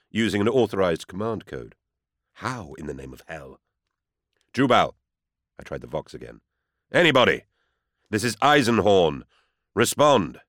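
Deep-voiced man narrating an audiobook. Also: no echo. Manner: measured, tense storytelling. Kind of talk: first-person audiobook narration. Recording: dry close studio sound.

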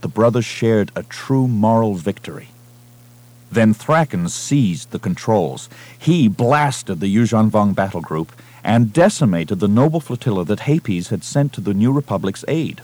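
A man with a fairly low voice reads a science-fiction novel aloud as an audiobook narrator. His delivery is measured and dramatic, built for storytelling. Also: darkish tone. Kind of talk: scripted narration.

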